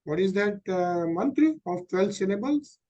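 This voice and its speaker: Guy running a scripture reading on a call, kinda high voice, asks the group stuff, lots of uh. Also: lively intonation, moderate pace, warm tone, highs cut off. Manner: explanatory, asks the group questions, many fillers. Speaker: study group leader.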